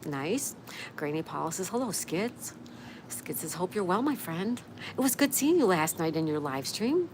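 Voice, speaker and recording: A woman's voice: sits low, creaky, noisy background. A woman hosting a casual live stream from her patio, cheerfully greeting viewers and reading their comments aloud. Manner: upbeat, reads out viewer comments. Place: outdoor patio by a canal.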